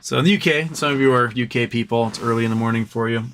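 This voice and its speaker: A man's voice: mid-range voice, fast, fairly bright tone, a little hiss or hum. A man hosting a late-night livestream, chatting casually in a rambling, profane way and chuckling at his own jokes. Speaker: livestream host.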